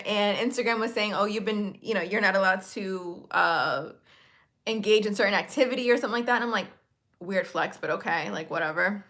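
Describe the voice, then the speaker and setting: A woman's voice: medium pitch, fairly quick, a bit bright. A young woman telling a candid, chatty storytime while getting ready, swearing freely and saying "like" a lot. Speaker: beauty vlogger.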